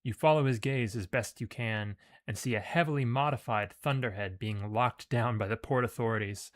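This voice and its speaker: A man's voice: medium pitch, moderate pace. Man casually reading game text aloud. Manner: casual, reads with loose emphasis and asides.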